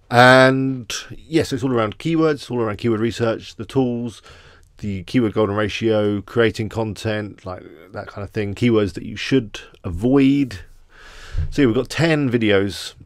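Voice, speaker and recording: A man's voice: on the low side, moderate pace, dry recording, clean studio sound. An Englishman hosting a casual live stream, chatting with viewers and greeting them by name. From England.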